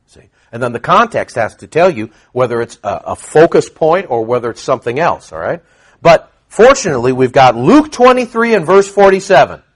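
A male pastor preaching a sermon, emphatic and animated, firing off rhetorical questions. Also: medium pitch, a little fast.

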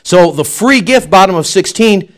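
Pastor, male, high pitched, lively delivery, banters with the room mid-sermon. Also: moderate pace. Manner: animated preaching, swings from loud declaiming to quiet asides; jokes and banters with the congregation.

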